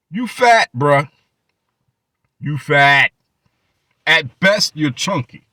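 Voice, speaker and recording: A man delivering mocking, profane reaction commentary with a bright, sharp voice that swings widely in pitch. He repeats his jabs again and again, and the recording is dry and close, with no room sound. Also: very animated, slow, pauses often, no echo. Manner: mocking, profane rants with many repetitions. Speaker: channel host.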